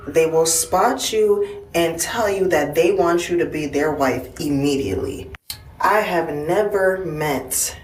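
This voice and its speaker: A woman telling a casual anecdote in an animated way, acting out the voices she quotes. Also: fairly low pitch. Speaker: storyteller. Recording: echoey room, mic far off.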